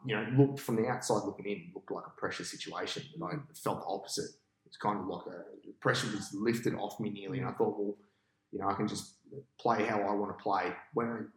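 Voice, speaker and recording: Aussie bloke, low voice, telling his match story with gusto, roomy sound. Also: fairly quick. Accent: Australian. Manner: animated storyteller, acts out his own past thoughts. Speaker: podcast guest, cricket captain. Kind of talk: casual storytelling interview.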